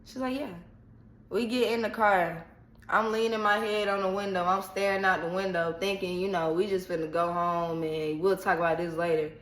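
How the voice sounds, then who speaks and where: A woman vlogger casually retelling a personal story in an animated, slangy, dramatic way. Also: on the low side, moderate pace. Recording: echoey room.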